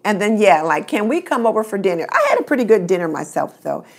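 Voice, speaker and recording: A woman's voice: medium pitch, very animated, quick pace, creaky. A middle-aged woman hosting a casual live stream, chatting and greeting viewers by name.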